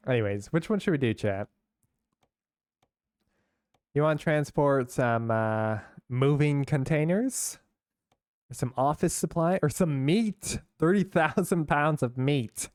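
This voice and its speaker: A man's voice: fairly high pitch, expressive, slow, pauses often, darkish tone, no room sound, clean studio sound. A young man from San Francisco chatting casually with his chat while streaming a game, rambling and laughing along.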